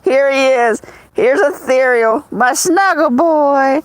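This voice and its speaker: A woman's voice: high-pitched, animated, slow pace, no echo, low-quality recording. A woman chatting casually on a phone livestream at home, greeting viewers by name and telling stories. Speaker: livestream host.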